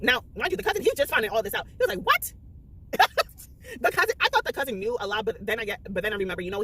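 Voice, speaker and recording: A woman vlogging a casual spoiler book review, profane and blunt, acting out her reactions in animated bursts. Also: slight background noise. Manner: animated storytelling, acts out her reactions with high exclaims.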